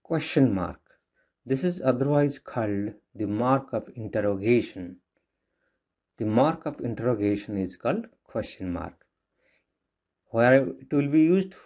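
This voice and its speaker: Indian english guy teaching kids grammar, talks real slow, keeps repeating stuff. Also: mid-range voice, darkish tone. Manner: slow, repetitive explaining with restarts. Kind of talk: classroom grammar lesson.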